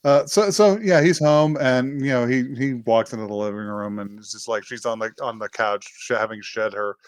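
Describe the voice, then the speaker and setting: A man's voice: mid-range voice, normal speed, no echo. A man co-hosting a podcast, casually recapping an anime with lots of swearing and laughter. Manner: rambling, profane, laughs often. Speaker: podcast co-host.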